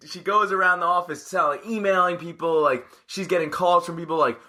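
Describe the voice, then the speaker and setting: A man's voice: on the high side, a little fast, sharp tone. A man in his twenties, co-hosting a casual podcast chat, telling rambling stories with restarts and laughs. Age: 20s. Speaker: podcast co-host.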